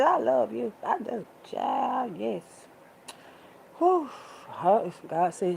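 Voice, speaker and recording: A woman's voice: medium pitch, big pitch swings, creaky, darkish tone, a little hiss or hum, rough recording. A woman, sassy and preachy, calling listeners baby and child. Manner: sassy, preachy, drawn-out with pet names. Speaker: vlogger. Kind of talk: casual monologue to camera.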